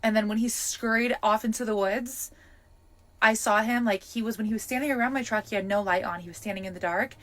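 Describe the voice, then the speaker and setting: A young woman breathlessly retells her own camping story in a casual vlog, talking animatedly with lots of fillers and restarts. Her voice is fairly high and fairly quick, with no room sound.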